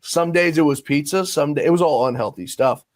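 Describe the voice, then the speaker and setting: A fairly high-voiced man tells stories in an animated, chatty way, laughing between lines. The sound is close and dry, with no room echo. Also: a little fast. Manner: lively storyteller, laughs often, acts out quotes. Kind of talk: casual reminiscing chat.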